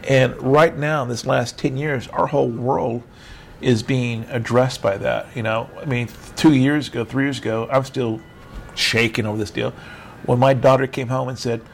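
A man's voice: medium pitch, fairly even intonation, moderate pace, gravelly, slight background noise. A middle-aged man giving an informal teaching sermon over a video call, conversational and rambling with self-mocking humor. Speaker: preacher.

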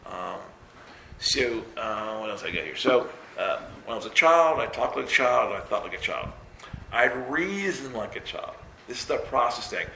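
Gravelly, bright-voiced male preacher. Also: mid-range voice, big pitch swings, normal speed. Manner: storytelling, conversational, self-mocking humor. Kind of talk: sermon. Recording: roomy echo with faint noise.

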